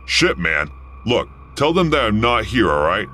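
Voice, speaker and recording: A man voicing a rude, panicky male truck driver who curses a lot, in an animated horror story. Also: lowish voice, a little slow, a little hiss or hum, heavily acted. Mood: angry, rude. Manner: brusque, cursing.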